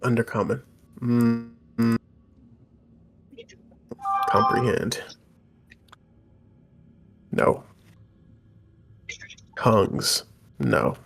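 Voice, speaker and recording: A man playing a tabletop game, low-key and often trailing off into mumbles. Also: fairly even intonation, extremely slow, vocal fry, pauses often, fairly bright tone. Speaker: player.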